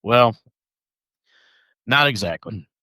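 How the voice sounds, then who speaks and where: A man's voice: mid-range voice, expressive, takes it slowly, bright, forceful tone, no room sound. A man co-hosting a podcast, chatting casually and reading notes aloud, stumbling over names. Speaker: podcast co-host.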